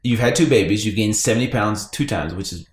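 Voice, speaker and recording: A man's voice: on the low side, fairly quick. A man co-hosting a fitness podcast, chatting casually, laughing often and asking his guest questions. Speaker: podcast co-host. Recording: roomy echo.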